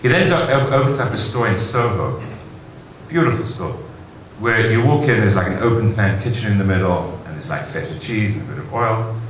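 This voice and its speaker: A man with a lowish voice gives a lively keynote to a conference crowd, telling stories and tossing out rhetorical questions. His voice rings through a very echoey hall, with faint noise underneath. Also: fairly quick. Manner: enthusiastic storytelling, rhetorical asides. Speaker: conference speaker.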